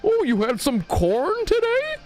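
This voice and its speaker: A man voicing a nosy, sentient toilet that coos at its user in a high fawning falsetto. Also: wildly swooping pitch, unhurried, a little mellow, faint music behind, heavily acted. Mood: cooing.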